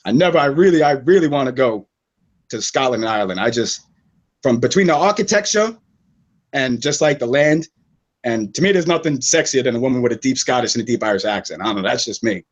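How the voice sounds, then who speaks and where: A man's voice: mid-range voice, animated, fairly quick, highs cut off. A man in his thirties from New York City, a guest in a casual online chat, talking in profane, rambling rants.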